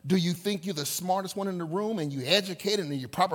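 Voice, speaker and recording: A male pastor preaching with a high, bright voice. He swings from loud, ringing declarations to hushed, near-whispered lines, and acts out prayers in quoted voices. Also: lively intonation, fast, few pauses. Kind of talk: sermon.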